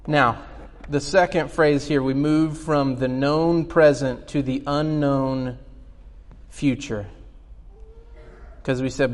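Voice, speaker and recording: Slow, earnest preacher in a hall. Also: male voice, a little high. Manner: earnest, explanatory, asks the congregation questions. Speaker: pastor. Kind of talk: sermon.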